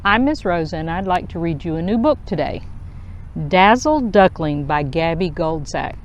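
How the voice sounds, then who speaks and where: Lower-voiced woman reading a children's story. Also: lo-fi sound, slight background noise. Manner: slow, expressive storytelling. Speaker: children's book reader. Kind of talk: reading a picture book aloud.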